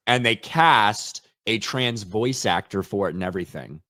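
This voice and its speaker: A man's voice: fairly low pitch, animated, unhurried, pushed and bright, no echo, studio quality. An American man co-hosting a casual commentary chat, matter-of-fact and wry, reading out bits of text. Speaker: co-host.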